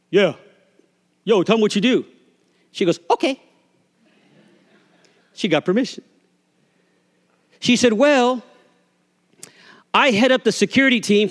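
A man's voice: high voice, in a large hall. A man preaching a sermon as a pastor, telling a folksy story and acting out the voices of the people in it. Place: church sanctuary.

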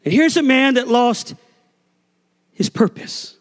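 A man's voice: very high-pitched, animated, slow, big-room sound. A man preaching a sermon as a pastor, telling a folksy story and acting out the voices of the people in it. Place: church sanctuary.

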